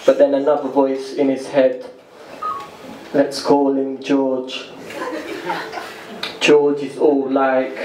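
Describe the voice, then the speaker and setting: A man performing spoken word poetry with a deadpan, rhythmic storytelling delivery. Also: medium pitch, takes it slowly, long pauses. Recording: echoey live room, distant mic, noisy.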